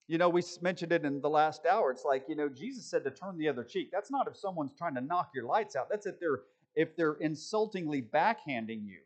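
A male preacher in a relaxed, conversational sermon, his voice a touch higher than most men's. His pitch rises and falls widely as he talks. He keeps his listeners close with self-deprecating stories and frequent check-ins. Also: brisk, hardly any pauses. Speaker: preacher teaching a Bible study.

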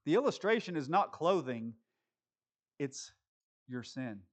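A man preaching a sermon, moving between quick conversational asides and slow, deliberate scripture reading. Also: on the high side, sing-song. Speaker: pastor.

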